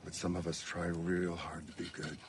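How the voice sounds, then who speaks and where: An actor playing a stern Western rancher patriarch in a drama clip, with a deep, rough voice. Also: male voice, completely flat delivery, normal speed, a little hiss or hum.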